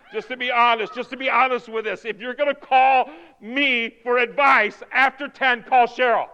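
Male pastor, 50s, very high voice, excitable sermon delivery, reverberant hall. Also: normal speed, hardly any pauses, slight background noise. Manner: excitable, swings from loud whoops to near whispers.

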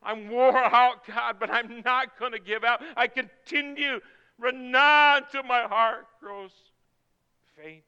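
A man preaching a sermon, swinging from hushed, slow prayer to shouted appeals. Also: extremely high pitch, steady tone, clear, resonant tone. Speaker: pastor. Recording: long hall reverb.

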